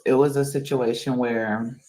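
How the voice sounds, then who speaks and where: A woman speaking in a casual, halting way on a live stream, annoyed as she explains herself. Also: extremely low pitch, fairly even intonation, rough recording. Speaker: streamer guest.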